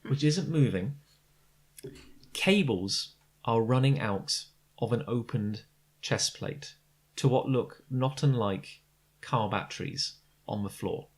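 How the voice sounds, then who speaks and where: A man's voice: mid-range voice, takes it slowly. A man narrating as game master of a tabletop game, describing scenes with many fillers and restarts. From Britain.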